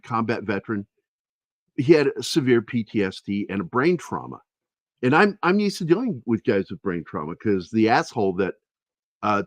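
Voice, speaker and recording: A man's voice: medium pitch, dry recording. A man hosting a podcast, telling personal stories in a candid, rambling, foul-mouthed way. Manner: candid, rambling storyteller, swears freely. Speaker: podcast host. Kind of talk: casual chat.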